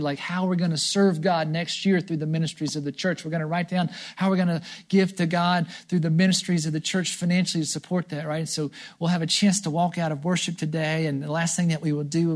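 A male pastor with a noticeably high voice delivers his sermon with animated storytelling. He keeps pulling the congregation along with a repeated "right?".

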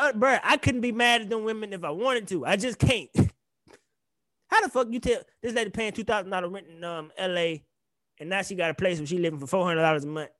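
A young man co-hosting a podcast, ranting in animated, profane casual chat. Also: high voice, dry recording, clean studio sound. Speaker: podcast co-host.

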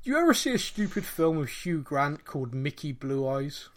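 A man's voice: fairly high pitch, big pitch swings, moderate pace. A man hosting a football podcast in casual chat, talkative and laughing often. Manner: chatty, laughs often, mimics voices. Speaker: podcast host.

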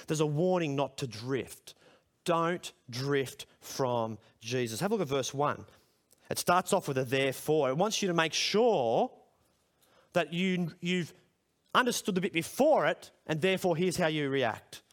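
A man's voice: a little high, lively intonation, normal speed. A middle-aged man preaching a sermon at a school chapel service, conversational and then emphatic as he puts questions to the room.

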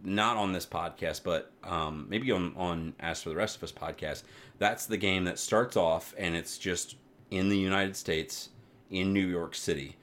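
A man co-hosting a podcast, chatting casually and getting animated as he retells a game story, swearing freely. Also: low-pitched, unhurried. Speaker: podcast co-host. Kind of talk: casual chat about games and anime.

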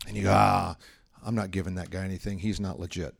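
Low-voiced man preaching conversationally. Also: little pitch movement, fast talker, vocal fry, slight background noise. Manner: conversational storytelling, acts out quoted voices. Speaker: pastor. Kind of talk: sermon.

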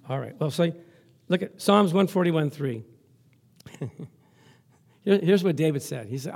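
A male pastor preaching a lively sermon, chuckling often and reading scripture aloud. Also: on the high side, unhurried, pauses often, husky.

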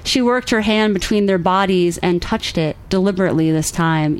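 A woman reading her own romance fiction aloud at a live reading, measured and steady. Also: medium pitch, clean tone, rough recording. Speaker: author reading her work.

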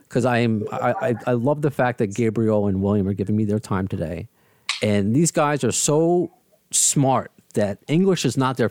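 A man's voice: medium pitch, a little mellow, no room sound. A man from the United States hosting a casual interview, rambling and self-deprecating. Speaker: host. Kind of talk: casual video-call interview.

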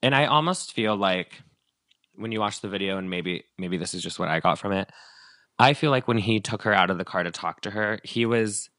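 A man's voice: on the low side, brisk, sharp tone, dry recording. A man hosting a podcast, retelling a story in a casual, rambling way with lots of fillers. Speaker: podcast host.

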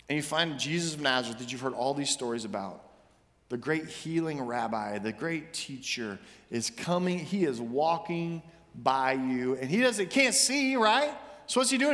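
A man preaching with a high, bright-pitched voice, moving from quiet, slow lines to loud shouted ones as he acts out scripture. The sound carries a long reverb, as in a large hall. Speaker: pastor. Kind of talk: sermon.

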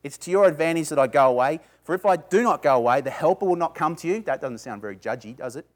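A man's voice: a little high, expressive, quick pace. A man preaching a sermon to a small group, talking conversationally, asking his listeners questions and building to emphatic bursts. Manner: asks the audience questions. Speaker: pastor.

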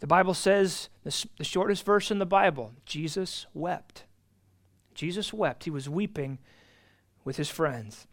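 A man teaching an adult Bible class, earnest and emphatic, repeating key phrases and swinging between loud stresses and soft asides. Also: a little high, moderate pace.

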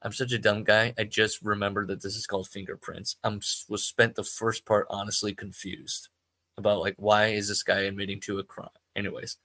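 A man's voice: lowish voice, little pitch movement, a little fast, sharp tone, no room sound. A man hosting a podcast who reads a story aloud and keeps breaking off to mock it and himself. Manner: self-deprecating, laughs at himself. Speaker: podcast host. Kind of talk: rambling comedic reading.

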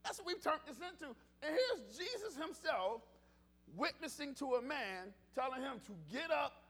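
Very high-voiced man preaching casually. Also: normal speed. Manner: animated, conversational preaching with repetitions and restarts. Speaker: pastor. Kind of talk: casual sermon.

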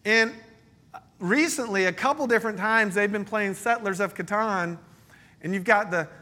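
Brief: male pastor, high and bright tone, lively storytelling sermon. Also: moderate pace. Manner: storytelling, joking, animated. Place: church meeting space.

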